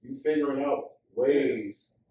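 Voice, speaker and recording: A man's voice: medium pitch, slow, dark tone. A man in a casual group conversation, often chiming in with short affirmations. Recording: echoey room, mic far off.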